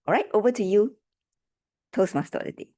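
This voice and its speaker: Coaching woman on a video call, mellow. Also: mid-range voice, lively intonation, brisk. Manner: encouraging, coaching tone with frequent "right?" and "okay?" checks. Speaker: delivery evaluator at a speaking club meeting. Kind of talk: spoken speech evaluation.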